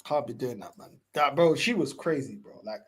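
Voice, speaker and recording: A young man spins a story in casual podcast talk, acting out every quote. His voice is slightly husky and his pitch swings widely. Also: normal speed. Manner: animated storytelling, acting out quotes, laughs often. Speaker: podcast co-host. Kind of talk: casual chat.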